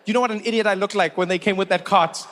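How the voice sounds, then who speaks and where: A man doing stand-up comedy, telling stories in an animated, incredulous way. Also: high voice, fast.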